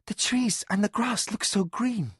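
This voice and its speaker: A man's voice: high-pitched, very animated, normal speed, a bit bright, breathy edge, no room sound, studio quality, voice pushed up, exaggerated voice. A man narrating voices a young noblewoman, eager and breathless as she speaks. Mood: breathless wonder. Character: young noblewoman ruling lady, eager and commanding.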